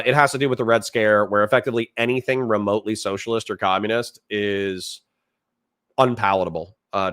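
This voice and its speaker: A man's voice: on the low side, fairly bright tone. A man hosting a casual livestream, ranting with animation and reading out chat comments. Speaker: streamer host.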